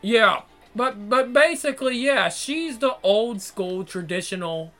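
Faint music plays as the vlogger rants crudely and repetitively, swearing without letup in exasperation. His high voice is animated yet a little slow, sounding pushed and bright.

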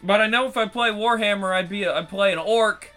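Male channel host, high-pitched, profane rambling delivery, faint music behind. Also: fairly quick, bright, forceful tone, rough recording. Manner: rambling, profane, frequent restarts. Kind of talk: casual commentary.

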